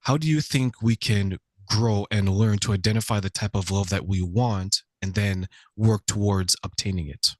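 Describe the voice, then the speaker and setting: A man's voice: lowish voice, normal speed, hardly any pauses, darkish tone, dry recording. A man hosting an interview show, musing earnestly before asking his guest questions. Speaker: podcast host.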